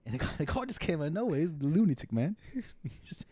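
A man's voice: a little high, sing-song, fast talker, warm tone, husky, dry recording, voice pushed up. Guy doing an exaggerated Irish man, amateur accent bit, rambling crime tale. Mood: excited. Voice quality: mock-lilting, put-on accent.

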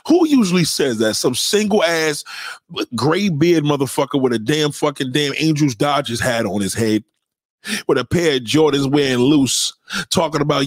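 A man on a livestream rants with loud, profane energy, often breaking into mocking impressions. His voice sits high and swings widely in pitch. The sound is dry and close, with no room around it. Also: normal speed, no echo. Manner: loud, profane, animated ranting with mocking put-on quotes. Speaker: livestream host. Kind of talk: ranting livestream commentary.

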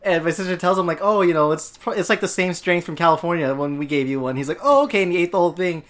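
Young male co-host, relaxed, rambling chat. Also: on the high side, fast talker. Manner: easygoing, rambling with fillers. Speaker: podcast co-host. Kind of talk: casual chat.

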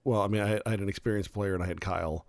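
A man with a low, grounded voice talks loosely about running his tabletop game. He circles and corrects himself as he goes, then picks up energy when he tells a story. The recording is dry and close, with no room sound. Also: racing, vocal fry, no echo. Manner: rambling, self-correcting, animated when telling stories. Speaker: game master. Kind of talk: casual chat.

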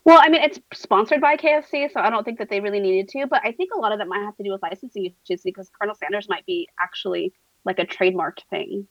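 A woman in quick, chatty casual podcast talk. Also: medium pitch, dry recording, dull audio. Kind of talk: casual chat.

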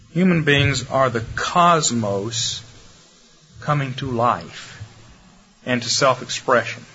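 A man giving a sermon-style lecture, demonstrative, shifting his pace and loudness to make points. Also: medium pitch. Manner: demonstrative, lively delivery with varied pace and loudness. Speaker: preacher. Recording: muffled lo-fi recording with faint ambience.

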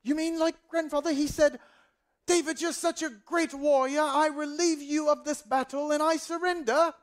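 A man's voice: very high voice, steady tone, moderate pace, voice pushed up. A man voicing an eager, awestruck young grandson who gushes his questions. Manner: breathless gushing questions.

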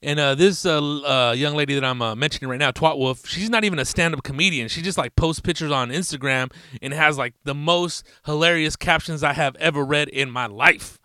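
Slangy laid-back podcast host, bright voice. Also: male voice, fairly high pitch, brisk, few pauses, dry recording, clean studio sound. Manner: loose, profane, rambling slang with frequent laughs. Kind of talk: casual podcast monologue.

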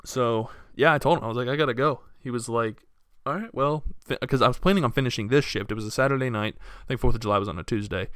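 Young guy hosting his own podcast, smooth clear voice, dry close sound, loose profane storytelling. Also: medium pitch, very fast, few pauses, no room sound. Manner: casual, profane, storytelling with animated quoted voices. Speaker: podcast host. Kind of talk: solo podcast rant.

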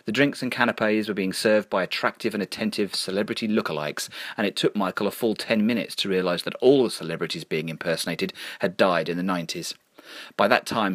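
A man narrating a story in a sardonic, deadpan reading. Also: deep voice, no echo, studio quality.

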